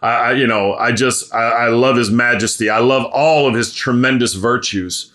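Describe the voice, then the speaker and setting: A man preaching a sermon in an earnest voice, rising to loud emphatic peaks and dropping to low, hushed stretches, with frequent restarts as he thinks aloud. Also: moderate pace. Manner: repeats and restarts words while thinking aloud.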